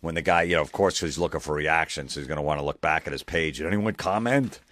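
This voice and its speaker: Low-voiced man in a profane sarcastic rant. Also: steady tone, quick pace, fairly bright tone, no echo, clean studio sound. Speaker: podcast host. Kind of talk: comedic rant.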